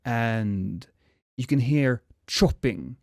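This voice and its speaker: A man narrating a tabletop horror game as game master, slow and suspenseful with hesitations. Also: mid-range voice, animated, darkish tone, no echo, clean studio sound.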